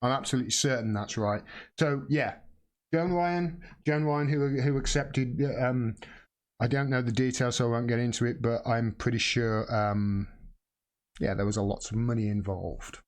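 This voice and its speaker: A man's voice: mid-range voice, fairly even intonation, normal speed. A middle-aged man hosting a live political commentary stream, rambling with many restarts and blunt swearing.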